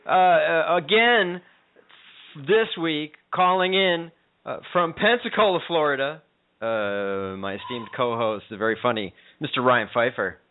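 A man's voice: on the high side, animated, measured pace, phone-quality sound. A man hosting a casual talk radio show, rambling and swearing loosely between songs. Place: studio in Los Angeles.

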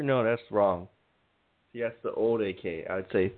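Rambling profane comedy podcast host. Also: male voice, lowish voice, moderate pace. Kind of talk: casual comedic rant. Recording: phone-like lo-fi with faint music.

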